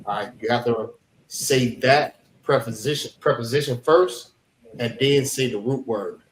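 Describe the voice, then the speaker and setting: A man teaching a language class, patiently repeating words slowly for students. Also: medium pitch. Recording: echoey room, faint background noise.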